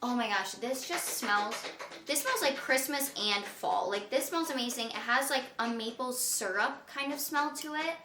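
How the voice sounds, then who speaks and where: A woman's voice: a little high, moderate pace, bright, forceful tone, roomy sound, slight background noise. A young woman vlogging casually at home, chatting and saying "like" a lot as she cooks in her kitchen. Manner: chatty, full of "like" fillers. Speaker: lifestyle vlogger. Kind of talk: casual vlog chat to camera.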